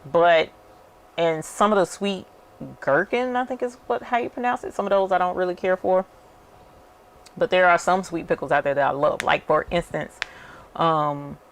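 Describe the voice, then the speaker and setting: Woman host, low, gravelly voice, rambling chatty work-vlog talk. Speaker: channel host. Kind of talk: casual chat while working.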